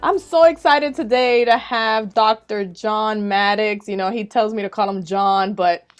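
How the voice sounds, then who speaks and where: Bubbly woman hosting with soft music. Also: mid-range voice, measured pace, smooth. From Latin America. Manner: bubbly and enthusiastic, acts out her own reactions. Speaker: podcast host. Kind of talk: casual podcast introduction.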